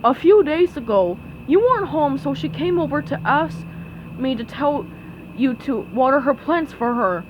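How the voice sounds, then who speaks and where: A woman's voice: high voice, expressive, normal speed, lo-fi sound, background noise. A woman voicing a cranky, vain male squid neighbor who grumbles.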